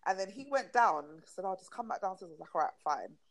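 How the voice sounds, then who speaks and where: A young woman, a podcast co-host telling stories in frank, animated casual chat and swearing freely. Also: medium pitch, fast talker, poor audio.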